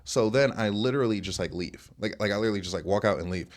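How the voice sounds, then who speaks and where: A man's voice: on the low side, quick pace. A young man hosting a podcast, telling his own dating stories in a rambling, casual way with lots of fillers. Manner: rambling, animated, many fillers. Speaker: podcast host. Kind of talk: casual storytelling.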